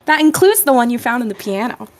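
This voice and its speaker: A sweet, scheming young girl, put on by a woman coaxes in a sugary voice pitched fairly high. She sounds sweet but is always angling for something. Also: expressive, fast, lightly acted. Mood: coaxing.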